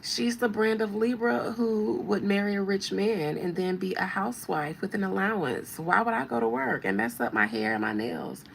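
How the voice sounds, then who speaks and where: A woman's voice: medium pitch, expressive, normal speed, vocal fry, hardly any pauses, a little hiss or hum, low-quality recording. A woman hosting a show as a tarot reader, giving blunt, slangy, mocking commentary. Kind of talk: casual commentary.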